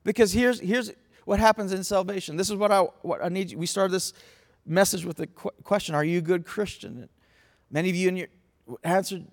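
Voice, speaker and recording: High-voiced impassioned male preacher. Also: fairly even intonation, fairly quick. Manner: passionate, swings from hushed to shouting. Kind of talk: sermon. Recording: long reverb in a large hall.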